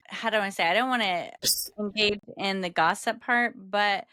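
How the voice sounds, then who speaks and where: A woman's voice: measured pace, sharp tone, no room sound. A woman co-hosting a podcast in casual chat, playful and acting out little quotes. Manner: playful, acts out quotes in a higher voice. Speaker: podcast co-host.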